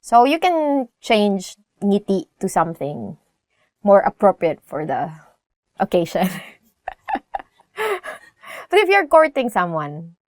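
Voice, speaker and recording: A woman's voice: mid-range voice, sing-song, takes it slowly, pauses often, no room sound, clean studio sound. A young woman with a Filipino accent teaching a casual language lesson, chatty and laughing often as she asks "right?".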